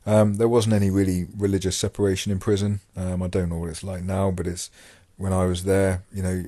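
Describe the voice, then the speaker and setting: A man's voice: sits low, level tone, brisk, dark tone, no room sound, studio quality. A man hosting a podcast, talking casually about his time in prison, rambling with many fillers and restarts. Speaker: podcast host and former prisoner. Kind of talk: casual monologue.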